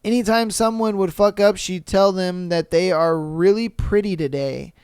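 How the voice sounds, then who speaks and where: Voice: mid-range voice, normal speed, darkish tone, clear, resonant tone, dry recording, studio quality. A podcast host reads online posts aloud and reacts with slang, swearing and laughter. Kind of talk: casual reaction commentary reading online posts.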